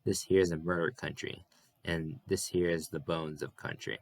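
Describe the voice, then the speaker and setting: A man's voice: extremely low pitch, fairly even intonation, moderate pace, vocal fry, no echo, heavily acted. A man voicing a restless, plainspoken young farmhand in an audiobook reading.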